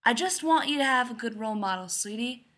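A woman voicing a tired, exasperated father who talks in a gruff, weary way. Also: a little high, lively intonation, brisk, fairly bright tone. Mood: coaxing.

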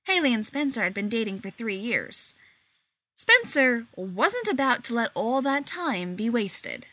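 A woman reads a short story aloud at a slow, unhurried pace. Her voice is bright and lively in pitch, and the room sounds dry and close. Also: no room sound. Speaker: narrator. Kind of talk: storybook narration.

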